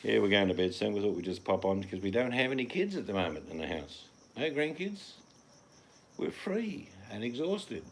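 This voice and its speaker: An older Australian man with a very low, gravelly voice rambles bluntly through a live chat from home. His delivery is loose and offhand, with the occasional swear. Crickets chirp faintly behind him. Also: sing-song, moderate pace, slight background noise. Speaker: livestream host reading chat. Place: at home in the evening.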